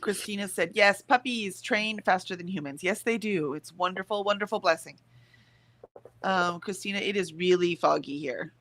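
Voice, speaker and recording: A woman's voice: on the low side, normal speed, fairly bright tone. Tired woman reading out chat comments. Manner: sleepy, laughs often. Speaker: co-host of a writing sprint livestream.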